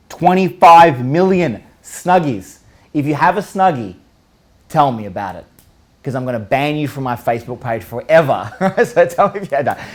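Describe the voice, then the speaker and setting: A man hosting a live online show, counting down a list in an energetic, joking way, firing rhetorical questions at viewers and now and then swearing. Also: medium pitch. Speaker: show host.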